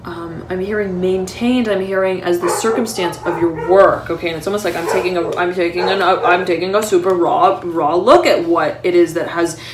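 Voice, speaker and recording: Female tarot reader at home, halting, searching delivery, roomy sound with faint background hum. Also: lowish voice, fairly even intonation. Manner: halting, keeps repeating "I'm hearing" between words. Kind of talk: intuitive tarot reading to camera. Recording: roomy echo.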